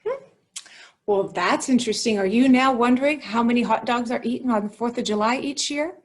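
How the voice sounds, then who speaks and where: A woman teacher with a slightly high voice gives an upbeat writing lesson to young students, explaining slowly and stressing key words.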